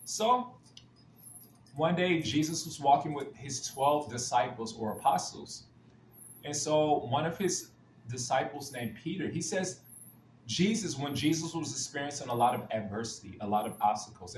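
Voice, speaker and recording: A man's voice: medium pitch, slight background noise. A man giving an earnest spiritual talk built around Bible stories, often restarting his sentences and repeating stock phrases. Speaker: spiritual speaker. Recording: roomy echo, faint ambience.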